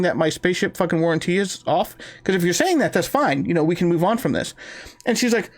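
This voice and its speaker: A man's voice: sits high, quick pace. A man co-hosting a loose, casual podcast, spinning stories with lots of swearing. He acts out every character in a phone call himself and keeps the energy up. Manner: animated storyteller, profane, acts out both sides of phone calls. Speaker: podcast co-host.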